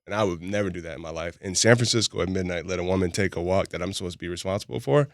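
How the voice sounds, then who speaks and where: Fast-talking deep-voiced man. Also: no room sound, studio quality. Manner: candid, laughs often while telling stories. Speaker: podcast guest, boxing gym founder. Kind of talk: casual storytelling chat.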